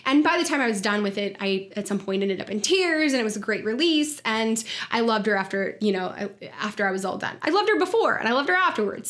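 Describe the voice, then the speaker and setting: This is a woman with a slightly high voice, talking through a wellness podcast episode in a relaxed, earnest monologue. She explains things conversationally, with fillers and small restarts along the way. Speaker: podcast host and wellness coach.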